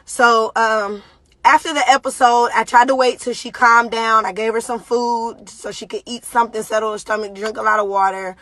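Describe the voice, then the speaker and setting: Young mother on a live phone stream, shaken, halting, lots of fillers, higher voice, dry close sound. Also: fairly even intonation, a bit bright, no room sound. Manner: talks directly to viewers, halting with many fillers. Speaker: parent giving a live video update. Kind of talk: emotional live-stream talk to viewers.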